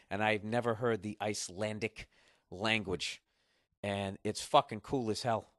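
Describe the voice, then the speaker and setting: A man's voice: fairly low pitch, fairly even intonation, normal speed, a bit bright, no echo, studio quality. Rambling profane man from Massachusetts. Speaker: podcast host. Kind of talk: solo podcast monologue.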